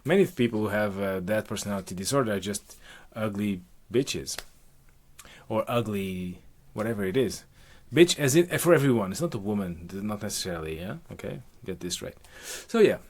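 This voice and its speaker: Man, comic storyteller, improvised, profane, rambling asides, lively pitch. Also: normal speed. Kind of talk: improvised comic retelling of a myth.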